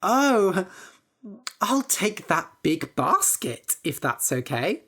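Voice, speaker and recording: A woman's voice: lowish voice, big pitch swings, slow, creaky, a bit bright, heavily acted. A woman voicing a clever young man who tricks everyone, sly and matter-of-fact.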